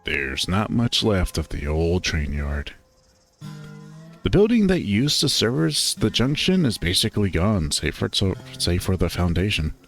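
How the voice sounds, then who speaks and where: A man reading a visual novel aloud in unhurried, expressive first-person narration. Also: sits low, soft background music.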